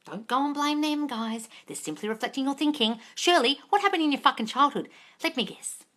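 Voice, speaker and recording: A woman answering viewers' questions on a live stream, blunt and sweary, scolding her viewers and swinging from low mutters to loud yelling. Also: lively intonation, fairly quick. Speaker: manifesting coach answering live chat questions. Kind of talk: blunt livestream Q&A.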